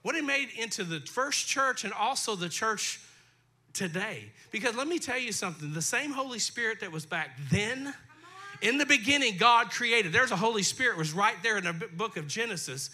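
A man's voice: high-pitched, lively intonation, normal speed, pushed and bright. A male pastor preaching a sermon in a folksy, conversational way, talking directly to his congregation, his throat dry. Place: church sanctuary.

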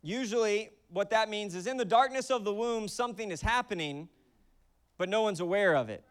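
A man's voice: high voice, a little fast, smooth. A man in his thirties preaching a conversational sermon, acting out voices in his stories. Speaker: pastor.

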